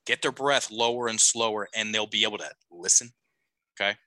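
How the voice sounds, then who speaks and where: A man's voice: on the low side, brisk, bright, forceful tone, no echo, poor audio. A middle-aged man, a life coach, telling a long story on a podcast, restarting sentences and checking in with "okay?". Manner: rambling, self-correcting, frequent "okay?" check-ins.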